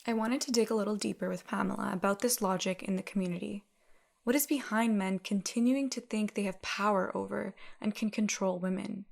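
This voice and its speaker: A woman's voice: mid-range voice, steady tone, fairly quick, vocal fry. A woman hosting and narrating a documentary in an earnest, reflective way.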